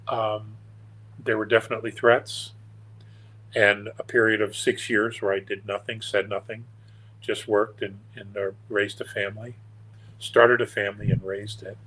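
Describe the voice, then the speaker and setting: A man's voice: lowish voice, fairly bright tone, poor audio. An older man, a guest on an interview show, telling stories in a meandering, earnest and wry way. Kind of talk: casual storytelling interview.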